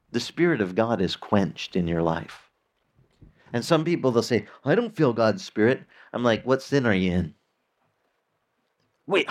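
A man preaching a sermon in a lively, conversational way, acting out little quotes as he goes. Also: medium pitch. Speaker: pastor.

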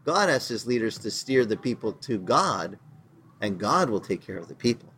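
Animated, plain-spoken male preacher. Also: on the low side, normal speed, slight background noise. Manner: animated storytelling, acting out quoted voices; plain-spoken, casual slang. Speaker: pastor. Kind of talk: conversational sermon.

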